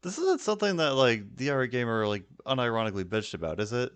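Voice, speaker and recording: A man's voice: mid-range voice, big pitch swings, fast talker, clean tone. A man streaming his casual reaction to a video, stammering, swearing and laughing often.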